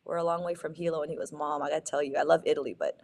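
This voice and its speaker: Lively storytelling woman guest. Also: low-pitched, racing, over a noisy crowd. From Hawaii. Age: middle-aged. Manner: animated, acts out voices in her stories, laughs often. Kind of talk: casual storytelling. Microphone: video call.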